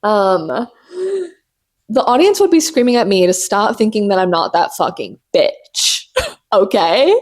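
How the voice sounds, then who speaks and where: Hyped-up, swearing young woman podcaster. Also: medium pitch. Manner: animated, profane, self-mocking, fast bursts. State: caffeinated and hyped. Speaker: podcast host. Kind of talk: casual solo podcast chat.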